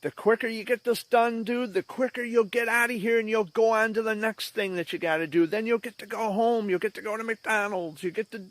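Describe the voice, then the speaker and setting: A man's voice: a little high, steady tone, brisk, few pauses, dry recording, lightly acted. A man voicing a kind, encouraging female nurse who coaxes a scared child through a blood draw. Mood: coaxing. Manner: coaxing, upbeat.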